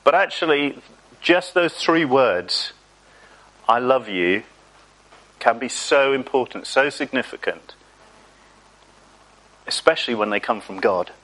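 A man preaching a sermon in a mid-pitched voice. He talks in a chatty, self-mocking way and draws out the words that matter. He tells the story from his own life. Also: expressive, slow, long pauses, fairly bright tone, poor audio.

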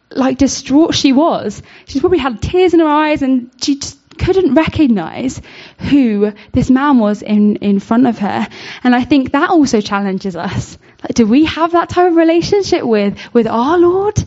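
A woman's voice: high-pitched, lively intonation, a little slow, a little mellow. A woman giving an informal devotional talk, earnest and searching, with many fillers and restarts. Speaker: speaker giving a Bible reflection. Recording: dull lo-fi recording.

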